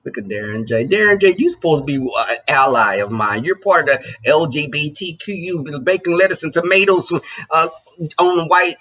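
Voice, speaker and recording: A man hosting a livestream and chatting casually with his viewers, loose and joking. His voice is slightly high, bright and husky, with a gravelly edge. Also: lively intonation, moderate pace. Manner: loose and joking, talks straight to the chat. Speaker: livestream host. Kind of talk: casual chat with live viewers.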